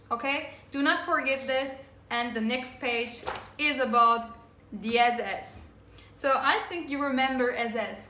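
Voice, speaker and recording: A woman teacher giving an English grammar lesson, slowly spelling out endings and repeating words for her students. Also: sits high, pushed and bright. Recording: echoey room.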